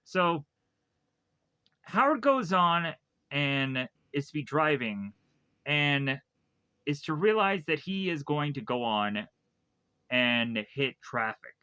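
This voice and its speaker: A man talks through a movie's plot in a loose, rambling review, piling on fillers and restarting his sentences. His voice is bright and forward. The recording is dry, with no room sound. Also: a little high, expressive, takes it slowly, long pauses, clear, resonant tone, no room sound. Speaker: film reviewer. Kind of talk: casual spoken movie recap.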